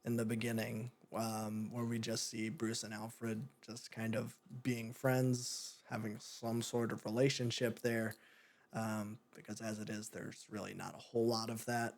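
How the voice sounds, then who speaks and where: A man's voice: on the low side, level tone, a little slow. A young man hosting a podcast, chatting casually about a movie with lots of fillers, restarts and tangents. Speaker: podcast host. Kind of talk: casual film review chat.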